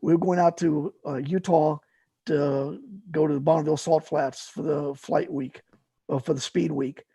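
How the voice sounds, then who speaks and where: A man's voice: a little high, steady tone, moderate pace, warm tone, husky, no echo. A middle-aged man telling paramotor stories in a rambling, casual way, full of fillers and restarts. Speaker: guest, paramotor fly-in organizer. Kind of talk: casual storytelling.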